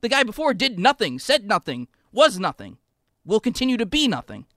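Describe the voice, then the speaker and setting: A man's voice: high voice, very animated, brisk, a bit bright, dry recording, studio quality. A man co-hosting a sports talk radio show, blunt and skeptical, with a sarcastic edge. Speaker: radio co-host.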